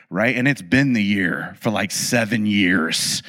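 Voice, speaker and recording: Bright-voiced man telling a story. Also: lowish voice, a little slow. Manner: animated, acts out quoted dialogue; humorous, confiding asides. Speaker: speaker addressing an audience. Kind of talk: conversational storytelling talk.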